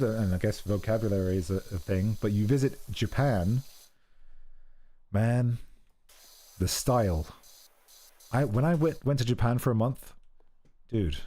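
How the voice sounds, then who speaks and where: A man's voice: medium pitch, warm tone. A young man from England with an English accent, chatting casually on a stream in a rambling, self-deprecating way, full of "like" and "dude". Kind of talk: casual chat.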